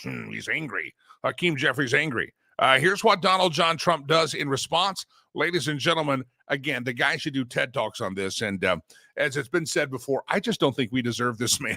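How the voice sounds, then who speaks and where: Bright-voiced mocking male talk host. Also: fairly high pitch, animated, moderate pace, no echo. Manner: mocking, rambling, chuckling asides. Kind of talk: political commentary show.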